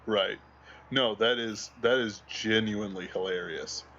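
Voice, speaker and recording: A man's voice: on the low side, a little slow, pushed and bright, muffled recording. A man co-hosting a livestream in casual chat, rambling while hunting for memes. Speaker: livestream co-host.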